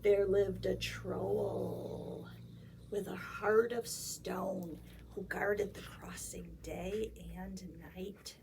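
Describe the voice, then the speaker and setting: A woman librarian reading a story aloud at a children's storytime, dramatic and expressive, with hushed asides. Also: medium pitch, extremely slow, creaky, background noise.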